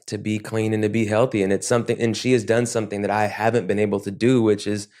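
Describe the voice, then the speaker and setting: A man as an interview guest, speaking reflectively and haltingly with many restarts. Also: fairly low pitch, flat delivery, darkish tone. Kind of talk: podcast interview.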